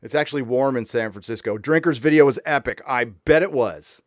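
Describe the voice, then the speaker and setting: A man's voice: medium pitch, a little fast, no room sound, clean studio sound. Profane, ranting male stream host. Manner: ranting and profane, reading viewer messages aloud. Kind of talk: casual live stream chat. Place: warm indoor room.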